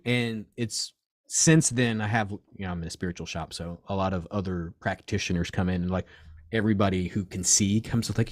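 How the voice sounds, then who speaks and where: A man's voice: low voice, fairly quick, no echo, studio quality. Rambling swearing man in his forties. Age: 40s. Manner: rambling, animated, swears often, acts out quoted voices. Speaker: crystal and reiki shop owner, guest. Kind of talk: casual interview chat.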